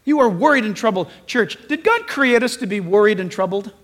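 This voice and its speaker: A man's voice: high voice, a little fast, big-room sound. A pastor preaching a sermon to his church, telling stories and acting out voices along the way. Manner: animated storytelling, acting out voices.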